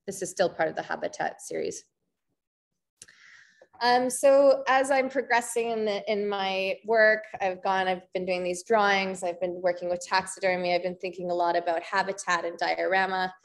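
A Canadian woman in her thirties giving an artist talk, pausing often with ums and restarts. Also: mid-range voice, fairly even intonation, vocal fry. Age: 30s. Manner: hesitant, frequent ums and restarts. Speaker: visual artist.

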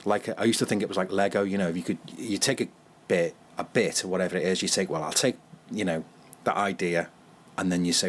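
A man's voice: sits low, fairly even intonation, a little fast, a little hiss or hum. A man from Britain, a comedian being interviewed on a podcast, explaining his craft hesitantly with restarts and examples. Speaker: comedian guest.

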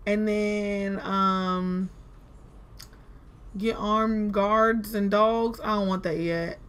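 A woman's voice: medium pitch, steady tone, very slow, a bit bright. Woman rambling thru a let's play, talks to herself, gets worked up n exclaims a lot. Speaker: gaming video creator. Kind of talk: casual let's-play commentary.

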